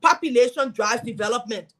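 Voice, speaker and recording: A middle-aged woman from Liberia speaking, a guest in an interview telling her story as a former senator with lively, preaching energy. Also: fairly high pitch, fairly quick, low-quality recording. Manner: animated, preaching storytelling with acted quotes.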